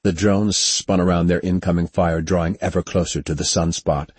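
Male audiobook narrator, low and husky, even unhurried read. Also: no room sound.

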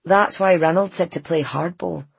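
A woman reads out a gloomy, taciturn farmer, kept low in her own husky voice and spoken in a subdued way. The sound is dry and close. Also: moderate pace, no room sound, exaggerated voice.

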